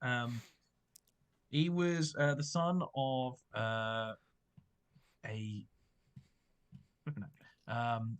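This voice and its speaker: A man hosting a casual chat, talking through his research with many fillers and restarts. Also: mid-range voice. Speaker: podcast host presenting research.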